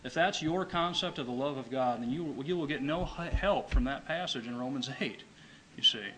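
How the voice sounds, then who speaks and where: A man preaching a sermon, emphatic, repeating key phrases and slowing down to read scripture. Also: medium pitch, sharp tone, low-quality recording.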